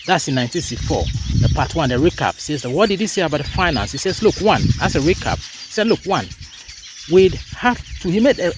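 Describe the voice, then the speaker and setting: A man's voice: fairly high pitch, background noise. A man from Ghana hosting a session of political commentary, speaking emphatically and repeating phrases for stress. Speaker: host.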